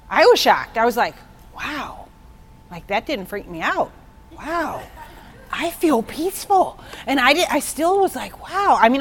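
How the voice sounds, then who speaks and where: A woman in her forties giving a personal testimony at a church meeting, telling her story with feeling and sudden high exclamations. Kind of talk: testimony sermon.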